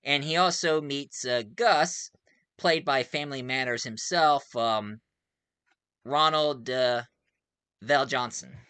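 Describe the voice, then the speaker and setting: A man's voice: mid-range voice, slow, sharp tone, clear, resonant tone, no room sound. A man reviewing a movie in a casual, rambling way, full of fillers and frequent chuckles.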